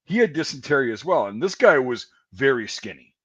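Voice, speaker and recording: A man's voice: mid-range voice, big pitch swings, a little fast, slightly rough, no room sound, lo-fi sound. A man telling a long army story in a casual, profane, rambling way, laughing at himself. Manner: profane, rambling, self-deprecating. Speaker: podcast host.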